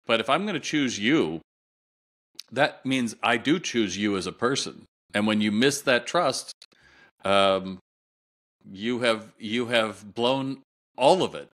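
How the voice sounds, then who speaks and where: A man's voice: on the low side, fairly bright tone. A middle-aged man, a guest retail consultant, telling a long story in an interview and acting out the voices of the people in it.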